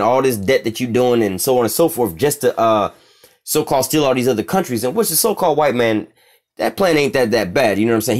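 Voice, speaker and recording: A man giving casual, profane scripture commentary as a religious teacher, reading verses slowly and asking "all right?" again and again. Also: mid-range voice, a little mellow.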